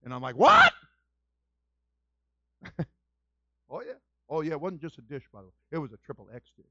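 A male pastor telling folksy stories in a sermon, building to loud, shouted fervor. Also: medium pitch, lively intonation, rapid-fire, no room sound. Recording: muffled lo-fi dry recording.

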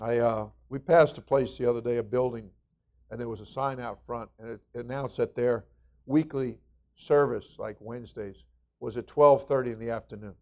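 A man preaching a sermon as pastor, rising to shouted exhortations and then dropping to quiet, folksy asides, with frequent repeats and restarts. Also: mid-range voice, steady tone, moderate pace, lo-fi sound.

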